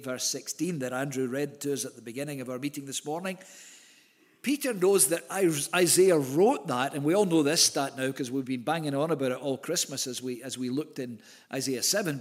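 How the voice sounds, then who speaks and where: Earnest pastor preaching with slow emphasis. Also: male voice, on the high side. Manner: earnest, emphatic, with slow stressed phrases and occasional repeated words. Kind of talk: sermon. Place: church.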